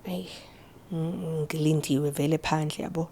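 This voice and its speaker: A young woman with a South African accent recounts her story in a low, grounded voice. She halts and stammers, repeats words, and drifts between English and isiZulu mid-sentence. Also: fairly even intonation, dark tone. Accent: South African, mixing isiZulu and English. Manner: halting, stammering repetitions. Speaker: podcast guest. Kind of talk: personal storytelling interview.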